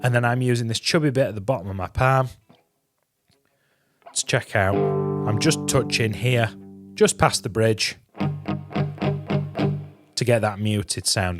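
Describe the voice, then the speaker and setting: A man's voice: lowish voice, a little slow, pauses often. A man teaching a guitar lesson, chatty and encouraging, counting beats aloud as he explains. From England. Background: guitar playing.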